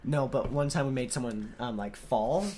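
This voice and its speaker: A man's voice: medium pitch, normal speed, warm tone, a little hiss or hum. A young man co-hosting a casual podcast, rambling through a funny story and laughing often. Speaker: podcast co-host.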